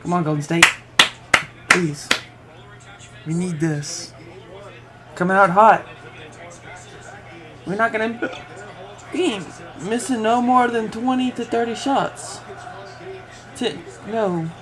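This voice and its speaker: A young man hosting a home livestream, reacting loudly to a basketball game and shouting at the plays. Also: sits high, slow pace, long pauses, over music. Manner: loud, shouting and chanting at the game. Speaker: livestream play-by-play host. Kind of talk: excitable live sports reaction.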